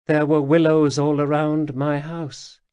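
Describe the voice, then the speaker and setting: Brief: calm murmuring ghost of a woman soldier, read by a man, unhurried. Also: on the high side, smooth, no echo, pitched above the performer's own voice, lightly acted. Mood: calm, wry. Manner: quiet, murmuring, resigned. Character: female soldier's ghost, calm, wry, gentle.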